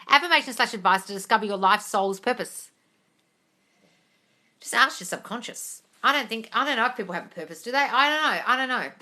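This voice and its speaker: Brassy, bright-voiced woman live-streaming. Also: mid-range voice. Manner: blunt, brassy, swears freely, calls viewers darling. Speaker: host of a manifesting Q&A live stream. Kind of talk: casual live chat reading viewer questions. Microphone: phone mic on a live stream.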